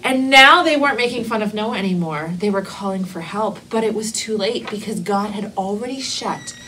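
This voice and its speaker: A woman teaching Sunday school, telling a Bible story to children expressively, slowing for emphasis and dropping to whispers. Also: mid-range voice, sharp tone, slight background noise, low-quality recording.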